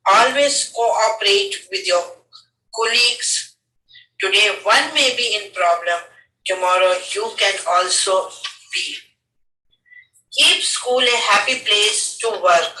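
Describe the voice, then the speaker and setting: An older Indian woman, a retired school head, giving a measured lecture on teachers' duties in Indian English. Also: mid-range voice, pushed and bright, roomy sound, distant mic, poor audio. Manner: slow, measured, instructive list of dos and don'ts.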